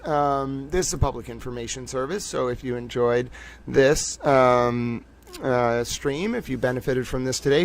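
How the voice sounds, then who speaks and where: A man's voice: mid-range voice, vocal fry, slight background noise. Effusive man hosting a livestream. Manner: playful, gushing and effusive. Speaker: livestream host. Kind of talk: casual livestream chat.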